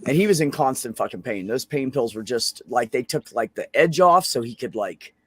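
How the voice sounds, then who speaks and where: A man's voice: medium pitch, animated, moderate pace, a bit bright, husky. A man talks over a video call with a dry, close sound and no room echo. He rambles through a story in a loose, chatty way, full of swearing and fillers. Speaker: open mic show host. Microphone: computer microphone on a video call.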